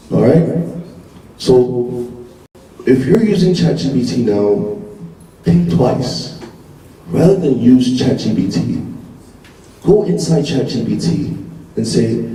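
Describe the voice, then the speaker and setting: A man giving an animated speech to a live audience, repeating himself and asking rhetorical questions. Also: medium pitch, measured pace, pauses often, a little hiss or hum. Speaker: conference speaker. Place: large conference hall. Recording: echoey hall from far off.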